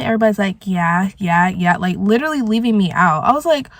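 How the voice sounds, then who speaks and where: A woman's voice: medium pitch, fast talker, hardly any pauses, no echo. A young woman telling an emotional, rambling storytime vlog, full of "like". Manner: emotional, rambling, heavy use of filler "like". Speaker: vlogger. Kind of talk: storytime vlog while smoking.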